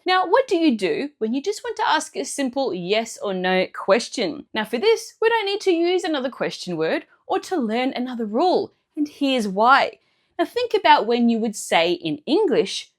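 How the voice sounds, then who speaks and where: A woman speaks as a language teacher in a scripted lesson, walking through each point clearly and step by step. Her voice sits a bit high and swings widely up and down as she explains. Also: very animated, moderate pace.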